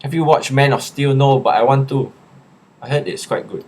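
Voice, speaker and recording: A young Singaporean man in a casual live chat, reading viewers' questions aloud and answering them in a relaxed, chatty way. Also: medium pitch, moderate pace.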